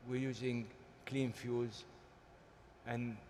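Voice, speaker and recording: A man speaking on a forum panel, deliberate and emphatic, pausing often with hesitations. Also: medium pitch, level tone, darkish tone, slight background noise. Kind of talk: panel discussion. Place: large conference hall. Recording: hall reverb, faint ambience.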